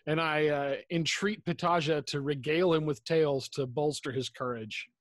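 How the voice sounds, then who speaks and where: A man playing a tabletop game, coaxing and genial, with a slightly raised pitch. His voice is recorded close and dry, with no room sound. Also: fairly even intonation, normal speed, no room sound. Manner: genial, coaxing, old-fashioned phrasing. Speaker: player. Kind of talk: tabletop role-play, in and out of character.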